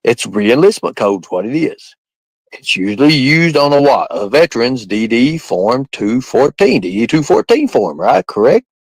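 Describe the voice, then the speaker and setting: A man's voice: mid-range voice, very animated, normal speed, husky, no room sound, poor audio. Guy on a livestream rambling at chat, bouncy up and down voice, dry sound. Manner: rambling, repetitive, quizzing the chat. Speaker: livestream host. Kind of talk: casual live-stream talk to chat.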